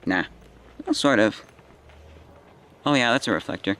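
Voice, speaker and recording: A man in his twenties telling a personal story in a halting, meandering way, tired and full of restarts. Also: medium pitch, lively intonation, bright, forceful tone. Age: 20s. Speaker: vlogger. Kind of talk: rambling personal vlog.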